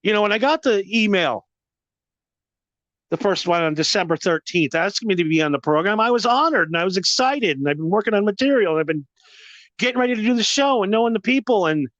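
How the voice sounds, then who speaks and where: A man's voice: sits high, animated, fairly quick, a bit bright, no echo, highs cut off. A man hosting a podcast, ranting in a profane, emphatic, repetitive way. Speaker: podcast host.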